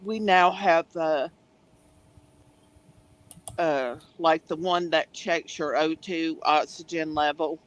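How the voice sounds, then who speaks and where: Slow-spoken man in casual chat. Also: on the high side, steady tone, highs cut off.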